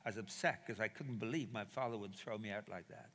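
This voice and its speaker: Bright-voiced man preaching in a reverberant hall. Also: lowish voice, fast. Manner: animated storytelling, acts out quoted dialogue. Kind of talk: sermon storytelling.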